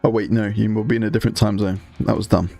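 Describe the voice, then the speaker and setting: A man's voice: on the low side, little pitch movement, fast talker, vocal fry, mellow, faint music behind. A man hosting a live stream, chatting casually to viewers while painting miniatures. He rambles loosely and swears freely as he talks. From Scotland.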